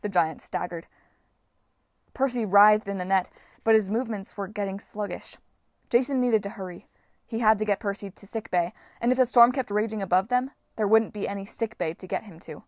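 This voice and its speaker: A woman narrating a fantasy audiobook in a steady, even storytelling manner. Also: mid-range voice, moderate pace, no echo, studio quality.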